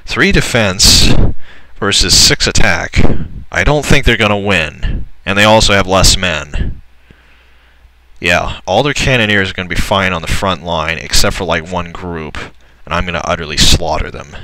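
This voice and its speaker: A young man casually commentating a strategy game, excitable and swearing, often laughing in disbelief. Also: deep voice, normal speed, low-quality recording. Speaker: gameplay commentator. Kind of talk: casual let's-play commentary.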